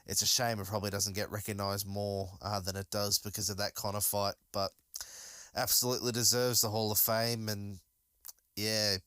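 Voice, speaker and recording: A man's voice: on the low side, level tone, normal speed, bright, forceful tone, clear, resonant tone, no room sound. A man hosting a solo podcast, talking casually and enthusiastically, rambling with many fillers and restarts. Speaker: podcast host.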